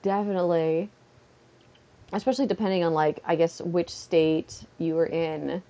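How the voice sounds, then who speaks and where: A woman's voice: lowish voice, steady tone, moderate pace, mellow. A woman from Canada chatting casually on a livestream at home, rambling with lots of "like" fillers. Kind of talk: casual chat. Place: at home, seated on a beanbag.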